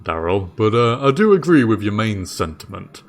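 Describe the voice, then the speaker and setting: A man's voice: fairly low pitch, sing-song, moderate pace. A man voicing a slightly drunk, easygoing male jailer who chats casually and keeps calling people "mate". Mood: musing. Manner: chatty, says "mate" a lot.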